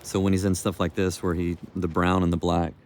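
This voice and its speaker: A man's voice: sits low, flat delivery, fairly quick, slight background noise. A man vlogging outdoors while walking his dog, talking in a loose, meandering way with restarts. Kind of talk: rambling walk-and-talk vlog.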